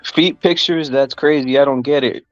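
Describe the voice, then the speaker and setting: A man hosting a casual stream, talking crudely and rambling, his voice raspy from smoking. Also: mid-range voice, steady tone, normal speed, dry recording, lo-fi sound, faint music behind. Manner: crude, rambling, lots of "bro". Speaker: podcast host. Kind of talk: casual livestream chat.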